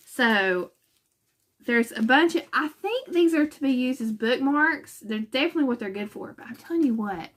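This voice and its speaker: A woman's voice: fairly high pitch, a bit bright. A woman from West Virginia hosting a cross-stitch channel in casual chat from home, talking in a chatty, self-conscious way with fillers and laughs.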